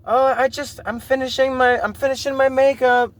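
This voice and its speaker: A man doing a breezy high-voiced girlfriend. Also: fairly even intonation, moderate pace. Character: impatient girlfriend doing her makeup.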